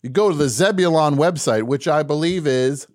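A man hosting a live call-in radio show, wry and mock-boastful, dropping to quiet mumbles and rising to shouts. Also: fairly high pitch, normal speed, dry recording, clean studio sound.

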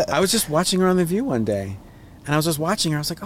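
A man, the guest on a casual podcast, talking in a rambling way and jumping his pitch up when he acts out voices. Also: sing-song, fast talker, a little hiss or hum. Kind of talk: casual chat.

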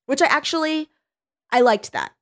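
A woman's voice: high voice, moderate pace. A woman chatting casually about a book with a friend, laughing a lot and acting out lines from it. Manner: animated, laughs often, acts out quotes.

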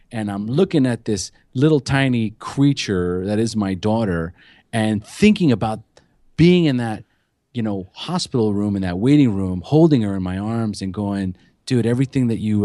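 Cast: man, podcast guest, lowish voice, earnest confessional storytelling, dry close mic. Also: dark tone, no echo. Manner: emotional, earnest storytelling with profanity. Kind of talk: candid recovery story.

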